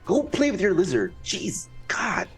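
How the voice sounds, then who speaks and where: A man's voice: high-pitched, wildly swooping pitch, measured pace, breathy edge, far from the mic, faint music behind, rough recording. A man playing his character in a tabletop game, rambling with lots of fillers and laughing asides, on a computer mic. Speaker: player. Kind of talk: tabletop role-play, in and out of character. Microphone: computer mic with keyboard.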